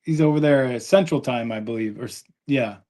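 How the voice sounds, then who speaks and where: A man's voice: mid-range voice, brisk, a little mellow. A man hosting a live sports podcast, chatty and upbeat as he reads viewer comments aloud. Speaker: podcast host.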